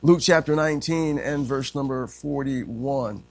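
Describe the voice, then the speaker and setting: A man preaching a sermon in a conversational way. He often says amen and voices quotes by pitching up. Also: a little slow, no room sound. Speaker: pastor.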